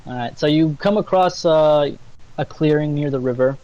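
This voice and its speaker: A man's voice: on the high side, warm tone, dry recording. Man game master on a lo-fi mic. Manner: halting, many fillers, laughing. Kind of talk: casual tabletop narration.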